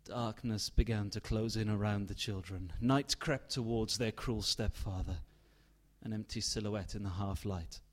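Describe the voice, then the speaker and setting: Slow, deliberate male storyteller. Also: on the low side, steady tone. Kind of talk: dramatic story narration.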